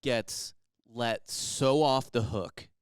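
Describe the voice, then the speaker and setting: A man's voice: mid-range voice, very slow, clear, resonant tone, no echo, clean studio sound. A man from Missouri co-hosting a casual podcast, joking around, swearing and mimicking voices. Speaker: co-host.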